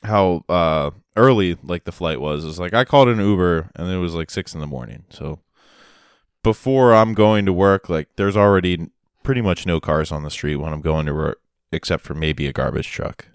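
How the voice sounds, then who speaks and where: Brief: casual podcast co-host, man, rambling sarcastic storyteller, smooth resonant voice, dry close sound. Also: low voice, moderate pace, no echo. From Massachusetts. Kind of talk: casual chat.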